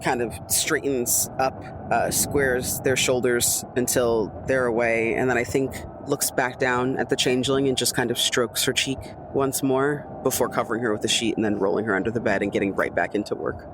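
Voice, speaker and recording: A man at a tabletop game describes what his character does in a loose, hesitant way. Steady background noise runs under his voice. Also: medium pitch, moderate pace, hardly any pauses. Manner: casual, hesitant with fillers. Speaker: player.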